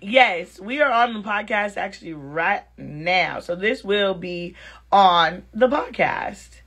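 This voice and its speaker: Frank, animated woman chatting on a livestream. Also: mid-range voice, slow, slightly rough. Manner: animated, frank, swears, reads viewer comments aloud. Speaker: live-stream host chatting with viewers. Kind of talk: casual live-stream chat.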